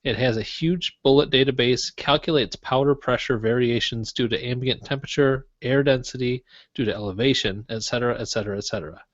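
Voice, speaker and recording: A man's voice: mid-range voice, a little fast, hardly any pauses, dry recording. A man co-hosting a tech podcast in easygoing, joking chat and reading out listener email. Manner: easygoing, joking, muddles through reading aloud. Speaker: podcast co-host. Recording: dull lo-fi dry podcast audio.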